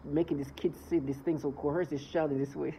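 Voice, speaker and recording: A man's voice: a little high, steady tone, fairly quick, mellow, slight background noise, poor audio. A man ranting indignantly in a vlog monologue, swearing as he talks. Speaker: vlogger.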